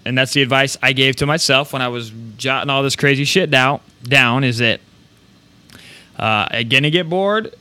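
A man hosting a podcast, giving energetic, rambling motivational talk with casual swearing. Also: a little high, clean tone, no echo. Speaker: podcast host.

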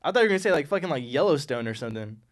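A man's voice: a little high, big pitch swings, very fast. Laid-back man co-hosting a podcast. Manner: laid-back, asks questions, tries accents. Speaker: podcast co-host. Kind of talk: casual comedic chat.

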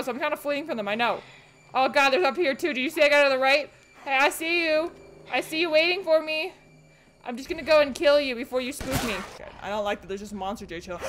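A young woman streaming a horror game, jumpy and excitable, shrieking and swearing at the game as she plays. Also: sits high. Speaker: gaming streamer. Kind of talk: let's play commentary.

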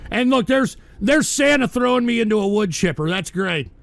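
A man's voice: high-pitched, expressive, moderate pace, gravelly, a bit bright. A man hosting a radio show, ranting angrily and swearing at his audience. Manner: profane, exasperated, ranting. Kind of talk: angry live-stream rant.

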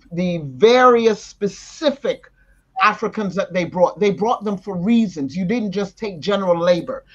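A woman with a Jamaican accent, raised partly in Jamaica, chatting in an interview and slipping into patois. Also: medium pitch. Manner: animated, switching into patois. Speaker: interview guest. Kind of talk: casual conversation. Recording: dull lo-fi audio.

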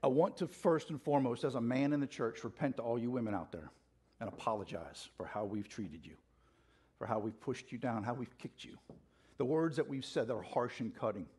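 Husky-voiced man preaching with fire. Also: medium pitch, fairly quick, darkish tone. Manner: passionate, fired-up preaching with call-and-response. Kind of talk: sermon. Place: church sanctuary.

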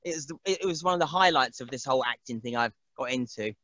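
A man's voice: medium pitch, fast talker, fairly bright tone, dry recording, dull audio. A man, chatting casually as an interview guest, rambling and laughing often and mimicking other people's voices. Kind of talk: casual chat.

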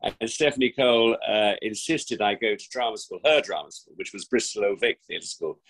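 A man in his sixties, an actor from England's West Country, is interviewed remotely from his home during lockdown. His voice is on the low side and fairly bright, at a moderate pace, and he chats in an effusive, theatrical way with frequent restarts despite rough audio.

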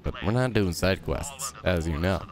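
With lively intonation and a moderate pace, this gaming YouTuber rambles and jokes to himself while commentating his own gameplay. The young man is goofy and silly, letting out sudden high squeals.

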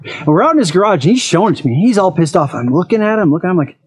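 A man's voice: on the high side, sing-song, racing, breathy edge. A man hosting an eFoil channel, talking frankly in a casual monologue and telling personal stories.

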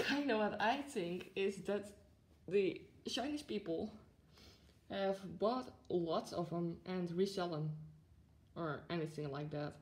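A plush collector vlogger in her twenties unboxes a collectible while chatting to camera, gushing and giggling often amid plenty of fillers. Her voice is mellow and fairly low.

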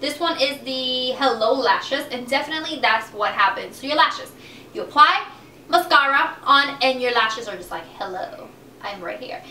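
A woman's voice: sits high, lively intonation, moderate pace, bright, forceful tone, roomy sound, far from the mic, a little hiss or hum. A young woman chatting casually through a beauty product review, gushing about favorites. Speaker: beauty vlogger.

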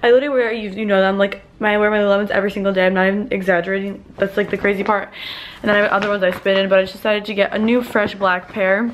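A woman's voice: mid-range voice, little pitch movement, very fast, dull audio, a little hiss or hum. A woman vlogging in a rambling, chatty way, full of filler "like"s, sounding tired at the end of the day. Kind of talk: casual vlog chat.

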